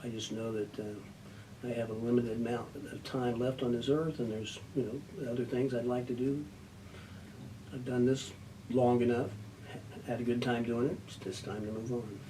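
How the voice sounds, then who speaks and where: An older man, a retiring judge, answering an interview question in a measured, thoughtful way, with frequent pauses and fillers. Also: mid-range voice, little pitch movement. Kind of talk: news interview. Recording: distant mic with faint noise.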